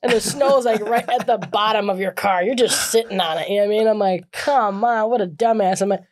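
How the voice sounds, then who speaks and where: A woman's voice: medium pitch, quick pace. A woman in casual chat, profane and laughing as she acts out her own frustrated self-talk.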